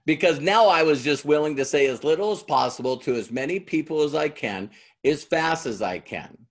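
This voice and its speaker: Middle-aged guy talking to a crowd, voice a bit high, acts out old conversations as he goes. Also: animated, moderate pace. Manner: conversational, acts out both sides of past dialogues. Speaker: motivational speaker. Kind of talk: storytelling talk to a live audience.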